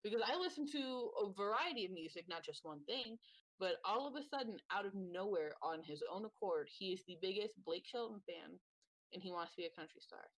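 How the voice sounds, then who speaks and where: A woman on a parenting podcast, telling heartfelt stories about her son in an animated way. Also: mid-range voice, a little fast, no echo, poor audio. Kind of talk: casual chat.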